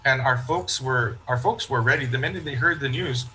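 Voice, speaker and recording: Speaking a little fast, a medium-pitched parish priest tells stories from his life in a casual interview chat with an easygoing storytelling style. He frequently restarts phrases and acts out what the people in his stories said. A faint noise sits under the low-quality recording.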